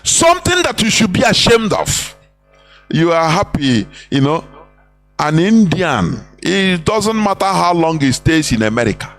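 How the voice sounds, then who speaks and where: A man's voice: on the high side, very animated, measured pace, fairly bright tone, faint music behind. A Nigerian-accented man giving an impassioned, preachy live broadcast talk, repeating phrases and slipping into pidgin and Igbo. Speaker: broadcast speaker.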